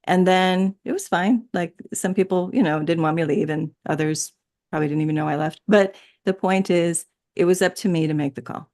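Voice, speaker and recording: A woman's voice: lowish voice, a little fast, a little mellow. A woman guest in a casual spiritual conversation, rambling and laughing often, with many restarts. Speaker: interview guest.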